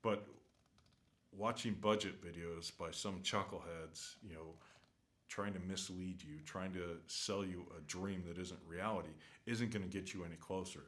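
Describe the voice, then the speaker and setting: A man with a very low voice rambles through an unscripted vlog rant. He talks casually from a hotel room, earnest and opinionated, and keeps circling back with fillers and half-started sentences. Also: steady tone, a little slow, fairly bright tone. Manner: rambling, many fillers and restarts. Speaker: travel vlogger.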